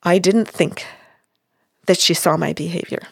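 Recorded dry and in studio quality, a woman in her sixties speaks in a lowish, steady, gravelly and husky voice at an unhurried pace. As a counselor describing a session, she voices both sides of the exchange firmly and emphatically.

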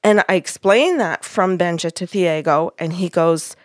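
A woman's voice: fairly low pitch, a little slow, hardly any pauses, no echo, clean studio sound. A woman podcast host retelling a session in casual chat, acting out the quoted dialogue.

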